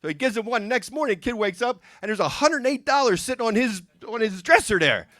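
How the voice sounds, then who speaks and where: A man doing stand-up comedy, rattling off one joke after another and dipping into quick character voices. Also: high voice, expressive, a bit bright, dry recording, studio quality. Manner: rapid-fire joke delivery with character voices. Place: music and arts center stage.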